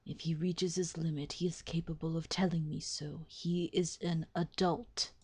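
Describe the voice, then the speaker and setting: A woman's voice: low voice, level tone, moderate pace, a little mellow, husky, no echo, voice pushed down. A woman voicing a cold, possessive immortal man in a visual novel, speaking in terse, clipped commands. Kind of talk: reading a visual novel aloud.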